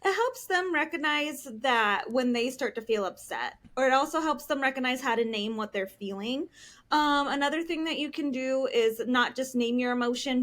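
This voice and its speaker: A woman's voice: fairly high pitch, fairly bright tone. A woman in her thirties, a counselor, explaining things earnestly as a podcast guest, with frequent ums. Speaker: licensed professional counselor.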